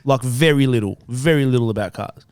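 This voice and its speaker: A man's voice: medium pitch, brisk, heavy background noise. An Australian man co-hosting a podcast, telling a story in casual chat and acting out the people in it. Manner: animated, acts out voices in his stories. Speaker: podcast co-host. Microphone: studio microphone.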